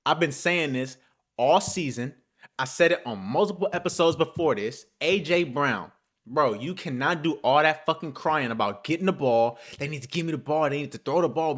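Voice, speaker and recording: Solo on his football talk show, the young host has a somewhat high male voice and alternates low muttering with loud, cursing, animated trash talk.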